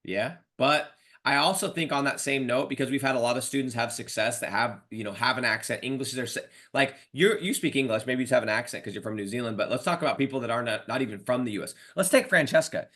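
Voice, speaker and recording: A man's voice: mid-range voice, fast talker, hardly any pauses. Slangy, fired-up male podcast host. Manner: animated, slangy, addresses guest as dude and bro. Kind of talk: casual podcast interview.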